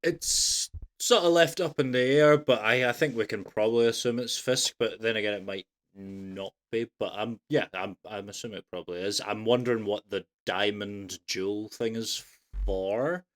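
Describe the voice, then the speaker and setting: A man on a podcast who muses hesitantly and hedges his guesses. His voice sits fairly low. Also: normal speed, fairly bright tone. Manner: hesitant, speculative. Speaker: podcast co-host. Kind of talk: casual chat.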